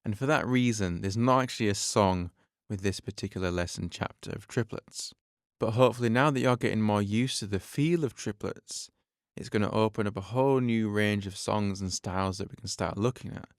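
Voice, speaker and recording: Male drum teacher hosting his own podcast: low, smooth voice, dry close sound, patient step-by-step delivery. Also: a little fast, dry recording. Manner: patient, step-by-step explaining, counts beats aloud.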